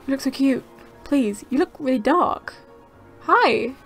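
A young woman giving casual, excitable gameplay commentary, gasping and chattering to the creatures on screen. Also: high voice, unhurried, faint music behind. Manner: bubbly, gasping, easily excited. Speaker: gaming channel host.

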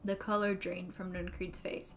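A woman's voice: on the low side, level tone, normal speed, gravelly, slight background noise. A woman streamer narrating a story game aloud, with playful, amused asides. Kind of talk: casual game narration and commentary.

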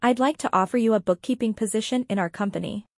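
A woman voicing a formal male company manager who speaks slowly and deliberately. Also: on the high side, a little mellow, dry recording, clean studio sound.

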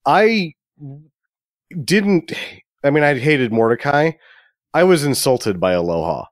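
A man's voice: a little high, very animated, slow, no echo, clean studio sound. A man on a podcast panel chatting casually, scornful and mocking.

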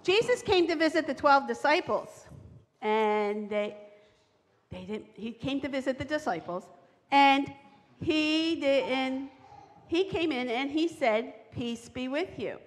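A woman's voice: sits high, lively intonation, slow pace. A woman leading a playful children's time in a church service, coaxing kids to sit and play a game. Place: church sanctuary. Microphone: handheld or lapel mic. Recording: long church reverb.

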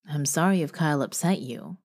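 Woman playing hot-tempered male bear shifter, blunt, profane, low voice, audiobook. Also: animated, a little fast, darkish tone.

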